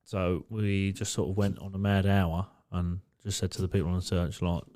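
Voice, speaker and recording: A man's voice: low voice, moderate pace. Sweary man telling a story. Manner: swears freely, animated storytelling. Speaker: podcast co-host. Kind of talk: casual storytelling chat.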